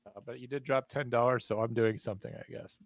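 A man's voice: medium pitch, fairly even intonation, fast talker, no echo. A man hosting a podcast, reading out a news story and joking about it wryly. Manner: dry, wry joking. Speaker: podcast host. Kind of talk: casual chat, reading news aloud.

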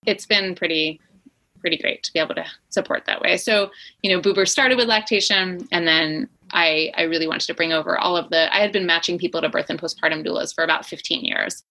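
A middle-aged woman speaks as an interview guest, eager and quick, full of restarts. Her voice sits a little low but rings bright and forceful. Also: fairly even intonation, low-quality recording. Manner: enthusiastic, quick, fillers and restarts. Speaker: guest, company founder. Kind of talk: conversational interview.

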